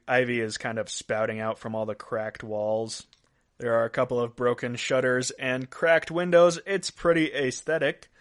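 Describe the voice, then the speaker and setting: A man hosting a podcast, reading out weird news stories in a casual way and laughing at his own jokes. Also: mid-range voice. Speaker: podcast host.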